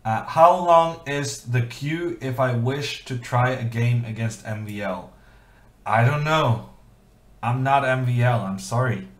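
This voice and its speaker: A man's voice: medium pitch, measured pace. A man streaming chess, thinking aloud in a casual, self-deprecating way with many fillers. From Norway. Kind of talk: casual live-stream commentary. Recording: echoey room.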